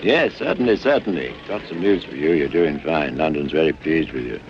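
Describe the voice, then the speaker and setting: An actor playing a polished government gentleman, smooth, genteel and lightly ironic. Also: extremely low pitch, expressive, a little fast. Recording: dull lo-fi film soundtrack with street noise.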